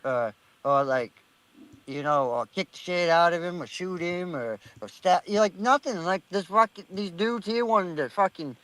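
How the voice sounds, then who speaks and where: A man's voice: high voice, normal speed, no room sound, poor audio. Fired-up, cursing man telling a story. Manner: profane, heated, animated storyteller. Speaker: panelist. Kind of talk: casual storytelling on an online panel.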